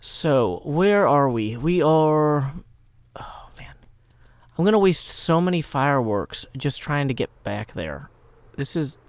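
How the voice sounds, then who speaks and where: A man's voice: fairly high pitch, dry recording. A man from Tennessee, chatting playfully and wordily over a Minecraft game, with theatrical asides. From Tennessee, USA. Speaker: Minecraft YouTuber. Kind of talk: casual gameplay commentary.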